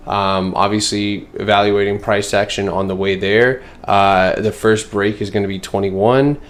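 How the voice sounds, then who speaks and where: A man's voice: lowish voice, flat delivery, a little slow. A man hosting a casual trading livestream, going through charts in a loose, filler-heavy way and answering his chat. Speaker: stock trading streamer.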